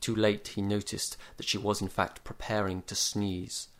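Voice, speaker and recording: A man reads a comic short story aloud in a dry, measured deadpan, his voice sitting on the low side.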